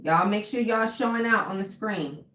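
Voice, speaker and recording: A woman's voice: medium pitch, moderate pace, a bit bright, reverberant. A woman mindset coach teaching her viewers in a live stream, casual and full of "okay" and "right". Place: room with a whiteboard.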